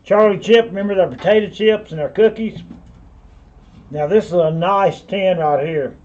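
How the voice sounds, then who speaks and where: A man's voice: high-pitched, moderate pace, darkish tone, dull audio. A man with a Southern US accent running a live online auction, rambling in a folksy way and calling viewers by name. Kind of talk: live-stream auction patter.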